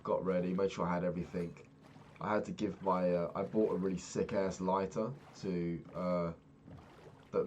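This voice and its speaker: Slight background noise accompanies a young man whose voice sits low. As a vlogger, he gives a casual, animated retelling of a travel story that rambles and is full of profanity.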